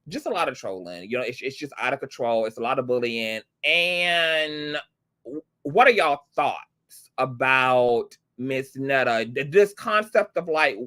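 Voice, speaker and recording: A man hosting a gossip commentary show, sassy, profane and animated as he reacts to a clip. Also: on the high side. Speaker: commentary channel host.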